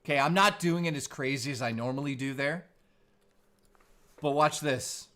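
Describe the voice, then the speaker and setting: A man's voice: medium pitch, moderate pace, fairly bright tone. A man in his forties, a streamer host chatting casually in a laid-back, surfer-style way. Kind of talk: casual live-stream chat.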